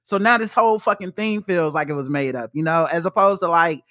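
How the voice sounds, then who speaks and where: A young adult man hosting a podcast, chatting casually and animatedly with lots of swearing and quick mock impressions. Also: on the high side, dry recording. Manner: profane, animated, jokey impressions in quotes. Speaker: podcast host. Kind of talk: casual chat.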